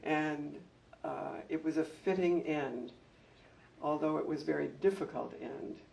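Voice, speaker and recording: Gravelly older man telling stories from afar. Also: a little high, a little slow. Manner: heartfelt storytelling, animated when telling anecdotes. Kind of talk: reminiscing talk at a public event. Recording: distant mic with faint room noise.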